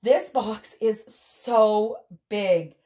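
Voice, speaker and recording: A woman unboxing a doll advent calendar on a vlog, gushing and gasping with excitement as she talks straight to her viewers. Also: mid-range voice, drawn-out words. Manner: gushing, excitable, frequent gasps and exclamations. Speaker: doll collector vlogger.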